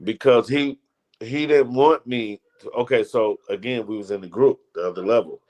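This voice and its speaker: A man's voice: mid-range voice, normal speed, a little mellow. A man telling rambling, slangy stories in a casual interview. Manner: loose, rambling, slangy storytelling with restarts. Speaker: comedian guest.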